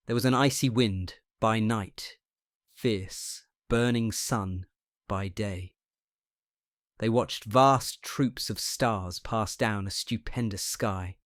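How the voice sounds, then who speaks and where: A man reading a short story aloud in a measured, unhurried storytelling manner. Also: lowish voice, no echo, clean studio sound. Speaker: audiobook reader. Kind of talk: scripted narration of a short story.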